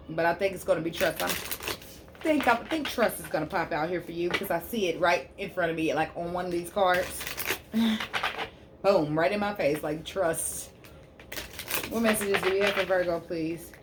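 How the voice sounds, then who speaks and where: A woman giving a tarot reading on her channel, preaching fervently to her listeners and softly repeating prayerful invocations as she draws cards. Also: fairly low pitch, moderate pace, background noise. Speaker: spiritual healer and tarot reader.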